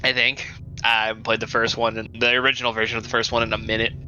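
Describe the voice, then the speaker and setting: A man's voice: mid-range voice, completely flat delivery, fast talker, bright, forceful tone, highs cut off. A man in a casual group chat over a game he plays, rambling and searching for words. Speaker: let's play commentator.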